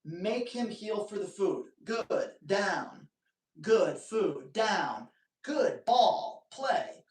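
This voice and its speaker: Blunt slow-talking man, roomy and distant. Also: sits high, very animated. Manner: blunt, emphatic, punchy short commands. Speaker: dog trainer and host. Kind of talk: live Q&A advice.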